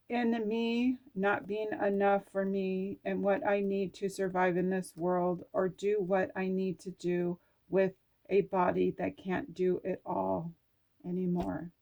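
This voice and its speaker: Slow-talking woman reading oracle cards. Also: medium pitch, a little mellow. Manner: chatty, talks to herself while reading card texts aloud; earnest, swears casually. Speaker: oracle card reader. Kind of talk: casual spiritual card-reading vlog.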